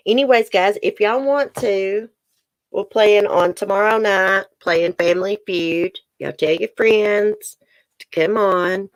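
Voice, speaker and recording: A middle-aged woman with a Southern US accent hosts a casual livestream, chatting with viewers and laughing often. Her mid-range voice moves slowly. She's recorded close up on a webcam or phone, with no room sound.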